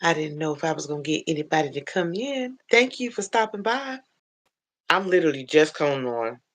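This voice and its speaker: A woman hosts a casual livestream on her phone, greeting each viewer by name and warmly calling them baby and honey. Her voice is low-pitched and brisk, with big pitch swings.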